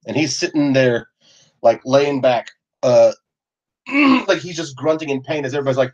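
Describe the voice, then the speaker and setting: A man narrating as game master in a relaxed, chatty way with many fillers. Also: mid-range voice, moderate pace, lo-fi sound.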